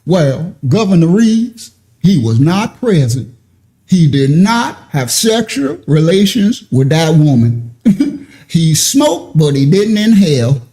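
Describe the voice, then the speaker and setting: A slow-drawling country spokesman with a high, mellow voice , put on by a man. He stretches every phrase out in a mocking way. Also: big pitch swings, heavily acted.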